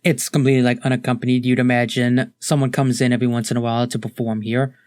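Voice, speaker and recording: A man's voice: mid-range voice, level tone, fast, a little mellow, no echo, studio quality. A man narrating a tabletop game as game master in a casual, rambling way with many fillers.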